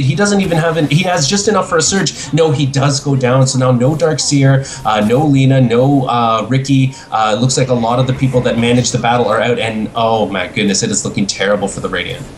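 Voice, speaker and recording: Excitable man casting a video game match. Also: mid-range voice, brisk, few pauses, slight background noise. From Canada. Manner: excitable, laughs often, casual. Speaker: esports caster. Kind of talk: play-by-play game commentary.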